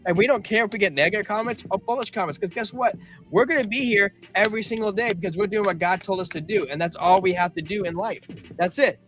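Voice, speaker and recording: A man co-hosting a live show, talking in a rambling, animated way and telling long stories in casual chat. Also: high-pitched, fast, music in the background. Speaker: podcast co-host.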